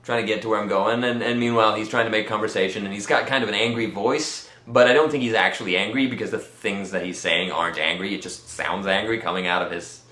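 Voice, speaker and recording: A man's voice: fairly low pitch, fairly even intonation, fast, hardly any pauses, sharp tone, reverberant. A tired man telling a rambling personal story in a casual way, repeating words and using many fillers. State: tired, nauseous.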